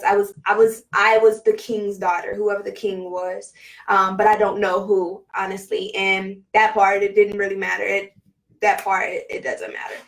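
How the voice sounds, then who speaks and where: A woman vlogger telling a personal spiritual story in a casual, halting way, full of fillers and emotion. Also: medium pitch, far from the mic, poor audio.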